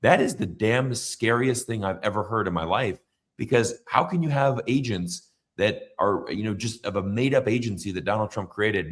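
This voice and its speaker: A man's voice: fairly low pitch, fairly bright tone. A man hosting a political livestream, talking in a rambling, emphatic way with many fillers and restarts. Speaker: livestream host. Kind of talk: casual political livestream chat.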